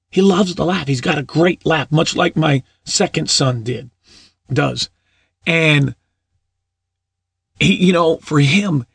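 A man's voice: a little high, creaky, slightly rough, no echo. A middle-aged man preaching in a casual storytelling way, often repeating his words. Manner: warm anecdotal, repeats words, laughs at own stories.

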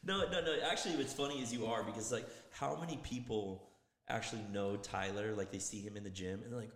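A man co-hosting a casual podcast chat, telling stories in a loose, profane, animated way. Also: fairly low pitch, fast talker. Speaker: podcast co-host. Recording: echoey room with long reverb.

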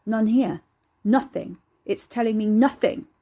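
A woman's voice: fairly low pitch, moderate pace, warm tone, breathy edge. A woman voicing a volatile young man who snarls and curses. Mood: furious.

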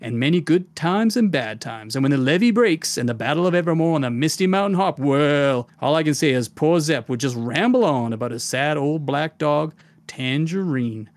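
A man voicing a folksy Southern gentleman pirate captain, with a put-on Southern US accent and old-fashioned, drawn-out phrasing. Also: fairly high pitch, lively intonation, no echo, natural voice.

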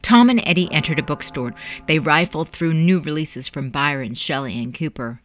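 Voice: medium pitch, a bit bright, dry recording, faint music behind. Dry-voiced audiobook narrator. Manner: measured, storytelling. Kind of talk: scripted narration.

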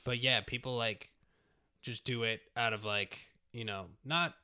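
A young man co-hosting a podcast, talking in a slow, hesitant way with short agreeing replies. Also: mid-range voice, fairly even intonation, sharp tone, clear, resonant tone. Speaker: podcast co-host. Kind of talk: casual chat.

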